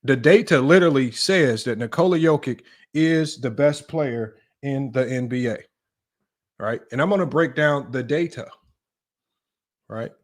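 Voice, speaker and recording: A man's voice: mid-range voice, unhurried. A man hosting a live-stream basketball commentary, talking emphatically and repetitively, often tossing questions to his chat and arguing his point. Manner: emphatic and repetitive, often asks "right?" and addresses "y'all"; argumentative, talks straight to his live chat. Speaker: sports analytics streamer.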